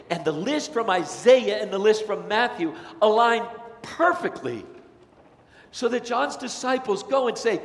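A man preaching a sermon as pastor, dramatic, acting out quoted voices and swinging between loud and soft. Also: sits high, animated, normal speed. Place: church sanctuary. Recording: echoey hall with long reverb.

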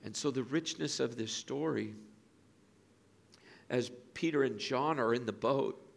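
A middle-aged male pastor preaching a sermon in an auditorium, telling a story with lively acted-out voices. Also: medium pitch, unhurried, vocal fry. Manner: animated storytelling, acts out quoted voices.

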